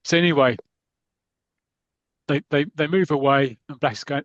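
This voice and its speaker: A man hosting a podcast, casually retelling a comic story with lively energy and plenty of restarts. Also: fairly high pitch, moderate pace, dry recording, dull audio. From Britain. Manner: lively, recounts the comic scene by scene with many restarts. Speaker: podcast host.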